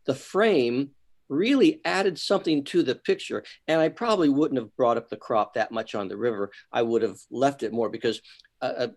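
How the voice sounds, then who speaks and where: Halting, enthusiastic man. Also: mid-range voice, darkish tone. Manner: halting, repeats words, enthusiastic. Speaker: photography club member. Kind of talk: casual club discussion. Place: online club meeting.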